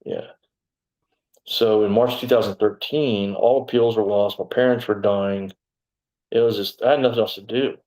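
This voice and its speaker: A lowish-voiced man, telling his story in an interview. He talks bluntly and swears freely, breaking into loud outbursts when he quotes himself. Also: steady tone, moderate pace, low-quality recording. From Texas, USA. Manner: blunt and profane, bursts out when quoting himself. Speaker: interview guest. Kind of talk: storytelling in conversation.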